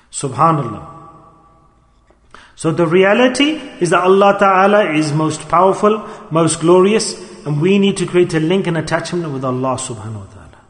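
A man preaching a sermon to a gathering, earnest and pleading, leaning on slow, emphatic repetitions. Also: high voice, fairly bright tone. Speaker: Sufi preacher. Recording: echoey hall.

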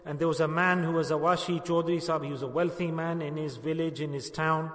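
A male preacher telling a moral story in a sermon, swelling loud on the lessons and dropping to a hush in the tale. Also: a little high, steady tone, a little fast. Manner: emphatic, rising loud on moral points, hushed in the story. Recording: echoey hall with long reverb.

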